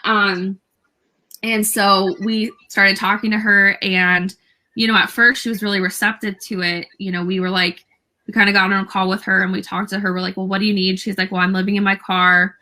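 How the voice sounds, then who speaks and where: A young woman, a guest on a talk show, telling a story casually with many fillers and lively quoted dialogue. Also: medium pitch, normal speed, rough recording.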